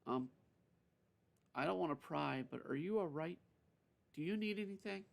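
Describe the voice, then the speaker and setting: A man's voice: a little high, lively intonation, normal speed, gravelly, voice pushed up. A man voicing a shy, anxious young woman. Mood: nervous. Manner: hesitant, soft.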